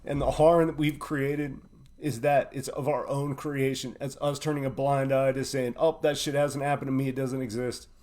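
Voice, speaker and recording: A man's voice: medium pitch, level tone, normal speed, a little mellow. A man hosting a live stream, talking in an impassioned, preachy way. He swears freely, keeps asking "right?", and sounds like he is speaking from the heart. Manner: preachy and emotional, swears often, repeats "right?". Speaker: host of a live online show.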